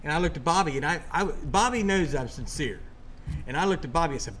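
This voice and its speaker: A man in casual conversation, telling a ghost story in an excitable, rambling way with many restarts. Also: a little high, a little fast, slight background noise.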